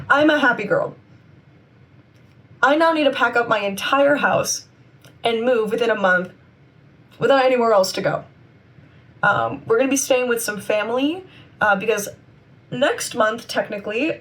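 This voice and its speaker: A young woman rambles cheerfully through a casual vlog catch-up. Her voice sits high and sounds a touch worn. She is recorded from a little way off the mic. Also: a bit bright, far from the mic. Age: 20s. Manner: chatty, rambling, upbeat. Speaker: vlogger and convention seller. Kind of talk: casual chat to camera.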